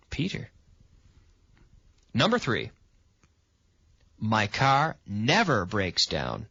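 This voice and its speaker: A man hosting a radio English lesson, patiently quizzing a student and stressing words with lively intonation. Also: fairly low pitch, takes it slowly, gravelly, pauses often, breathy edge. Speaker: English teacher and radio host. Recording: dull, lo-fi sound.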